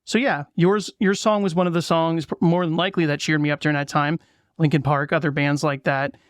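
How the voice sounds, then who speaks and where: A man's voice: a little high, steady tone, brisk, no echo, clean studio sound. A man in his thirties hosting a podcast interview, sincere and openly a fan. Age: 30s. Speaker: podcast host.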